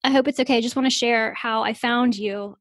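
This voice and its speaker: A woman's voice: a little high, fairly even intonation, fairly quick, no echo, clean studio sound. A woman hosting a podcast about therapy, chatty and effusive, laughing often as she talks. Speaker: podcast host. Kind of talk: podcast interview.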